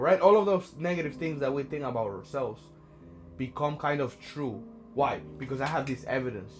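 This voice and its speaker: A man's voice: medium pitch, moderate pace. A man telling a personal story in a casual, conversational way, often checking in with "right?" as a social anxiety coach. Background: background music.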